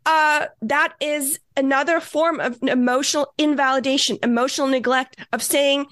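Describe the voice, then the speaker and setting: A woman's voice: sits high, fairly even intonation, moderate pace, fairly bright tone, no room sound, clean studio sound. A woman guest on a casual podcast, talking emphatically and swearing for emphasis.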